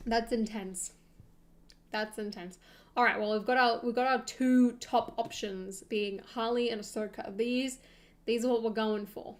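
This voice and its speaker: A young woman streaming, chatting casually and thinking aloud with soft laughs. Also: fairly high pitch, fairly even intonation, normal speed.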